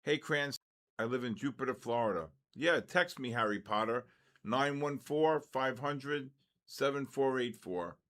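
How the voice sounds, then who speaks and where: Blunt, excitable older male trading host. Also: medium pitch. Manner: blunt, excitable, quick asides. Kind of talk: live market commentary answering chat.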